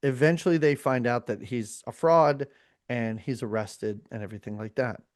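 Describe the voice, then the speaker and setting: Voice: medium pitch, moderate pace, no room sound, studio quality. A podcast host talking in a casual, rambling way, full of fillers and restarts. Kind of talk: casual chat.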